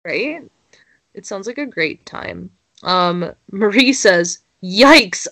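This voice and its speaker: A woman's voice: medium pitch, animated, slow pace, sharp tone, no echo. A young woman, co-hosting a casual chat and reading social media posts aloud. She giggles and swears freely.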